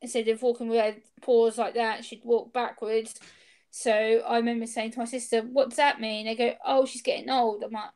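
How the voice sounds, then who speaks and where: A woman's voice: a little high, fairly quick. A young woman, the interview guest, telling a personal story in casual chat and acting out the quoted exchanges. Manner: animated, acts out quoted exchanges. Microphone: video call.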